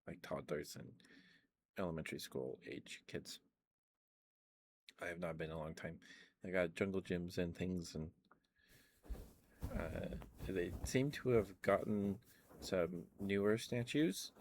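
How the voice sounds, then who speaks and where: A man streaming low-energy ASMR chat from home into a close microphone, tired and losing his voice, talking softly in a relaxed, rambling way. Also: a little hiss or hum. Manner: soft, relaxed, rambling talk. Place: at home, indoors. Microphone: ASMR microphone with cover.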